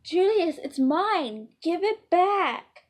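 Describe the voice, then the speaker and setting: A woman's voice: very high-pitched, very animated, extremely slow, voice pushed up, full character voice. A woman voicing a squabbling little boy prince in a read-aloud storybook. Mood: shouting.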